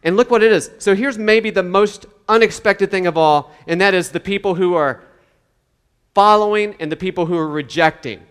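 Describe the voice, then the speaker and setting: A man's voice: high voice, moderate pace, fairly bright tone, clear, resonant tone, in a large hall. A man preaching a sermon in a conversational way, now and then acting out the voices of the people he quotes. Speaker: pastor.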